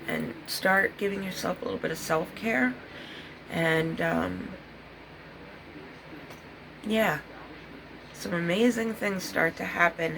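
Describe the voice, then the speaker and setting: A middle-aged woman with a low, gravelly voice talks straight to her viewers about her own recovery. She is earnest and intense and often restarts her sentences. A faint hiss of noise sits under the recording. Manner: earnest, intense, speaks candidly with many restarts. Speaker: recovery vlogger. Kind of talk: emotional personal talk to viewers.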